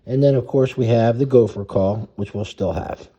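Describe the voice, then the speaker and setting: A man explains a lacrosse play to his team in a very dark, mellow voice. He goes step by step, correcting and rephrasing himself as he goes. The audio is dull and muffled. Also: mid-range voice, normal speed. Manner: methodical, restates and corrects himself. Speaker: youth lacrosse coach.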